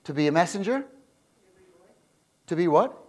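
A male preacher giving an animated, jokey sermon, often laughing and checking in with the crowd with quick rhetorical questions. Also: high-pitched. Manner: animated, asks the crowd frequent "right?" questions.

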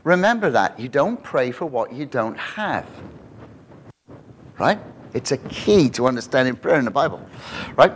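A male preacher delivers an enthusiastic sermon, turning to his congregation with questions. His voice sits a little high. A faint hum of the room stays under his words. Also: sing-song, normal speed, poor audio. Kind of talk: expository sermon.

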